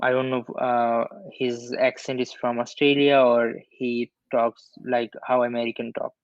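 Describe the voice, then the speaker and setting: A man learning English, chatting on a video call in halting, non-native phrasing with frequent restarts. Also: medium pitch, level tone, no echo, muffled recording. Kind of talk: casual video-call chat.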